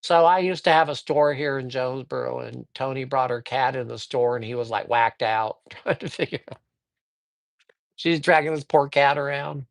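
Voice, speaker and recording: A man's voice: medium pitch, normal speed, gravelly, no echo. Chatty man giving livestream card readings. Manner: upbeat, chatty, addresses viewers by name; rambling, with frequent fillers. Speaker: psychic reader. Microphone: livestream microphone.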